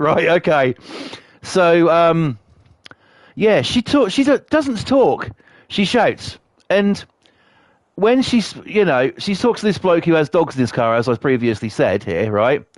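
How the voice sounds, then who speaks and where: A man's voice: on the high side, expressive, normal speed, no echo, studio quality. Sweary man with a Norfolk accent. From Norfolk, England. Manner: sweary, rambling storyteller. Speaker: game streamer. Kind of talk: casual chat while playing.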